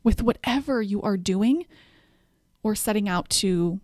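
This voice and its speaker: Woman podcast host, encouraging coaching tone, numbered self-help tips, close dry mic, mid-pitched voice. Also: measured pace, a little mellow, no echo.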